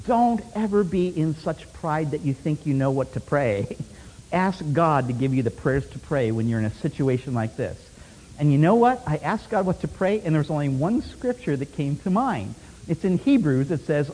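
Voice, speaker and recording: A man preaching a sermon as a lively story, laughing often and swinging from loud bursts to hushed asides. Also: a little high, moderate pace, husky. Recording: long hall reverb.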